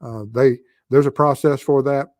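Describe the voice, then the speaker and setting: Mellow Southern man, halting live-stream talk. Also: medium pitch, fairly even intonation, no echo. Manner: halting, with frequent pauses and fillers. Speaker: host of a true crime live stream.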